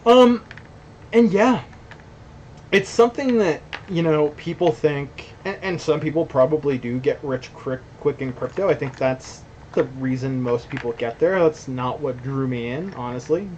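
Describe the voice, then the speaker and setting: A man's voice: fairly high pitch, measured pace, a little mellow, dull audio, a little hiss or hum. A young adult man giving blunt, rambling commentary on a stream, reading chat and swearing casually. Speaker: company founder hosting a stream.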